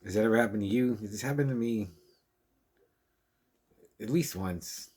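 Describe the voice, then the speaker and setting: Homme à la voix grave, critique de film bavard. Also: male voice, fairly low pitch, normal speed, darkish tone, slightly rough. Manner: rambling, chatty, laughs often. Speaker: film reviewer. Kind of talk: casual spoken film review.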